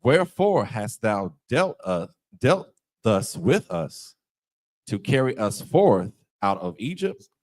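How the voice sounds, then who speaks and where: Slow, halting man reading scripture. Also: fairly low pitch, sing-song, darkish tone, dry recording. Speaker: student reading scripture aloud.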